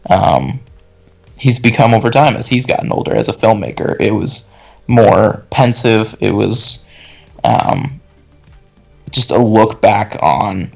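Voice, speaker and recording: A podcast host with a lowish voice and vocal fry talks casually about films over a video call. His speech has many fillers and restarts.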